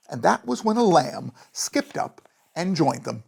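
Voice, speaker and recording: A storyteller reads a bedtime story aloud, gentle yet animated, in a gravelly, breathy voice. The pitch sits mid-range and the pace is unhurried.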